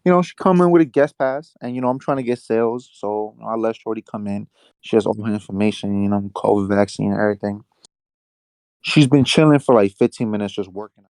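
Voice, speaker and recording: A young man with a New York accent telling a rambling, animated work story on a casual podcast, full of slang and swearing. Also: lowish voice, quick pace, smooth, no echo. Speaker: podcast co-host.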